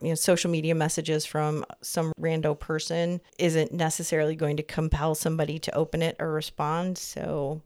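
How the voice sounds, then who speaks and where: A woman's voice: low voice, completely flat delivery, normal speed, hardly any pauses, darkish tone. A woman in her fifties co-hosting a podcast, chatting in a rambling, easygoing way and laughing often. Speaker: podcast co-host. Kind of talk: casual chat.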